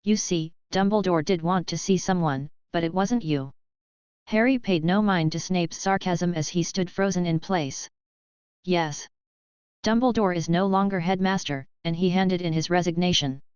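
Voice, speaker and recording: A woman narrating an audiobook in a steady, even reading style. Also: fairly low pitch, normal speed, smooth, dry recording, lo-fi sound.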